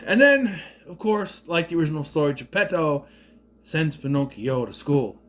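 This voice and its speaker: Animated high-voiced man ranting about a movie. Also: unhurried, pauses often. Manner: rambling, sarcastic, swears freely. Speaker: movie reviewer. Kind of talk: casual rambling movie commentary.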